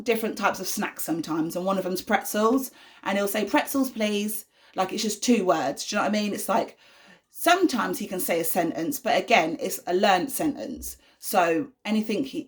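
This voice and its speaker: A young woman, a mother, chatting casually to camera with lots of fillers and repeated "you know what I mean". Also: on the low side. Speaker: vlogger, mother of an autistic son.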